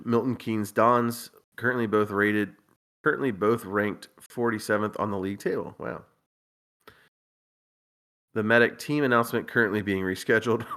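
A man hosting a casual podcast, reading a listener's list aloud with wry, deadpan asides and frequent chuckles. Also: fairly low pitch. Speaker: podcast host.

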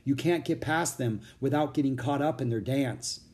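A man's voice: mid-range voice, moderate pace, a little mellow, close to an everyday voice. A man reading an audiobook, voicing a thoughtful, cautious young boy who sounds earnest and worried.

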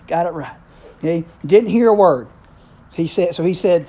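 A man's voice: on the high side, normal speed, dark tone. A middle-aged man preaching a sermon in a conversational way, often checking in with the congregation.

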